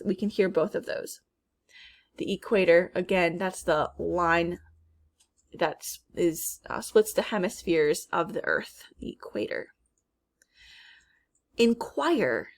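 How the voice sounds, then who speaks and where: Woman teacher going slow thru phonics words, repeats each one, stretches the sounds out. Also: lowish voice. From Minnesota. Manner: slow, drawn-out word modeling. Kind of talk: phonics lesson.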